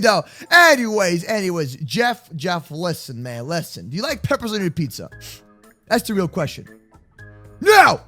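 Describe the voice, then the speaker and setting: A man talking excitedly and loudly with lots of slang while roleplaying through a video game. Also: extremely high pitch. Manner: excitable, loud, slangy, often exclaiming. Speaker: YouTube gamer roleplaying in Minecraft. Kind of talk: energetic gaming roleplay chat.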